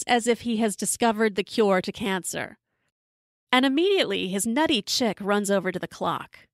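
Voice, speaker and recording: Woman host, sardonic storyteller, mid-pitched, close dry recording. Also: animated, normal speed, dry recording. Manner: sarcastic, wry storytelling. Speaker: podcast host. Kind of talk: storytelling monologue.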